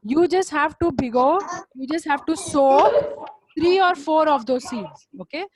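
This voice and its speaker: Over a noisy background, a high-voiced woman with an Indian English accent teaches an online class via video call at normal speed. She repeats her instructions, uses Hindi at times, and scolds students by name.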